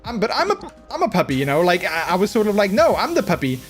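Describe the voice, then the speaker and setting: A man's voice: high-pitched, wildly swooping pitch, quick pace, soft background music. Rambling man streamer with hiccups. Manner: rambling, chatty storytelling with many restarts. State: has the hiccups. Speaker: live streamer. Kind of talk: casual live-stream chat.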